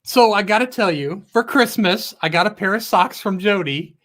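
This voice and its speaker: A man with a high, light voice hosts a casual live chat. He talks in a playful, teasing way, laughing often between questions. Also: expressive, normal speed, fairly bright tone. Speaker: live stream host interviewing guests.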